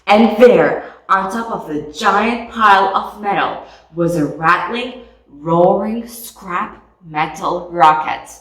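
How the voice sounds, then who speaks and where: A woman reading a picture book aloud with slow, expressive storytelling. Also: mid-range voice, far from the mic. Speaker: storybook reader. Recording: echoey room, voice off mic.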